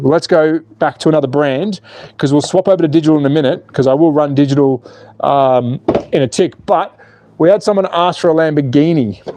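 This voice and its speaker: A man hosting a live stream outdoors, commentating with excitable jokes and reading viewer chat aloud. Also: on the high side, slight background noise. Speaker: slot car channel host.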